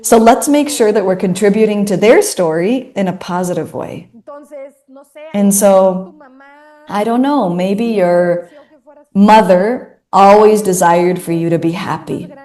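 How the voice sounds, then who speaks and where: A woman's voice: mid-range voice, measured pace, dark tone. A woman in her thirties giving an earnest inspirational talk, repeating phrases for emphasis. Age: 30s. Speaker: speaker.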